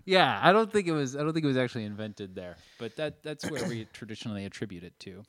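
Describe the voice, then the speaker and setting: Man, jokey questions, lively swinging pitch, dry close mic. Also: no echo. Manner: jokey, quick to quip and ask questions. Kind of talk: casual chat.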